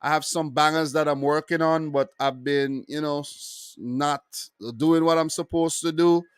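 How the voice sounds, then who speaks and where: A man's voice: on the high side, fairly even intonation, measured pace, clean tone, no room sound, studio quality. Chatty football channel host, man. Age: adult with wife and three kids. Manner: chatty, loose, shouting out viewers. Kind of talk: casual solo football review.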